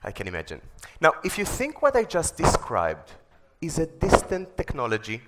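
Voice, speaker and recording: A man delivering a conference keynote from the stage, his first language Hebrew. He tells an enthusiastic story with a fairly high, lively voice that rises and falls a great deal. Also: moderate pace, heavy background noise. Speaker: keynote speaker.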